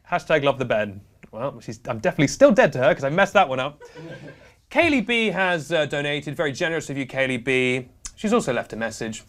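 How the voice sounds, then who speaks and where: A young man hosting a comedic charity live stream, playful and prone to laughing. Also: fairly high pitch. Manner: playful, giggly, animated banter.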